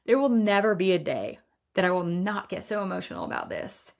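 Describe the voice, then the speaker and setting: A woman's voice: medium pitch, lively intonation, fairly quick, vocal fry. 40s woman on her podcast, talks straight and emphatic, says y'all a lot, laughs here and there. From Iowa. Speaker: podcast host. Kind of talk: personal storytelling monologue.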